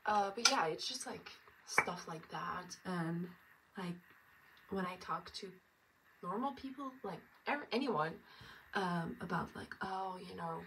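A woman's voice: fairly low pitch, animated, takes it slowly, noisy background. A young woman vlogging while getting ready, rambling with lots of fillers and little laughs. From France and Norway. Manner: rambling, filler-heavy, self-amused. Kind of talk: get-ready-with-me chat. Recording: distant mic with faint ambience.

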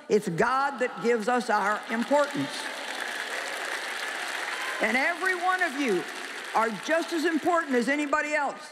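A woman's voice: fairly high pitch, a bit bright. A woman delivers a sermon with emphatic, plain-spoken energy, dropping jokes and firing questions at her congregation. Her voice carries a long reverb from a large hall, with a faint murmur of the audience and light background noise underneath. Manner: emphatic, joking, quizzes the audience. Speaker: preacher.

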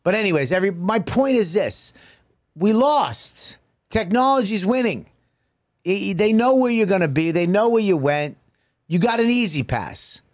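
A man co-hosts a comedy podcast and rants bluntly in an exasperated, swearing tone. His voice sits fairly high for a man, recorded close on a studio mic. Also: expressive, unhurried, dry recording. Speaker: podcast co-host.

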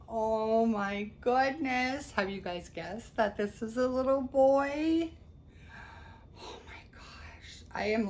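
A woman gushing over tiny baby items as she unboxes a package, with drawn-out coos and soft exclamations. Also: medium pitch, a little hiss or hum. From United States. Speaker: vlogger unboxing a reborn doll. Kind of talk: excited unboxing chat.

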